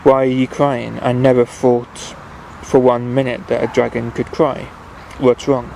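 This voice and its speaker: A kindly little traveller from a bedtime storybook, brave and endlessly curious, as a man puts him on. He coaxes and questions in a gravelly, fairly flat voice. Faint noise sits behind him. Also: mid-range voice, measured pace, poor audio. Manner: inquisitive, gently coaxing.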